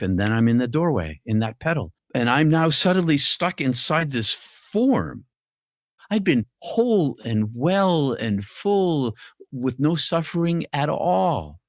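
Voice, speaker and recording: A man with a medium-pitched voice tells his story earnestly and vividly. He is a guest on a talk podcast. The sound is dry and close. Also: no room sound.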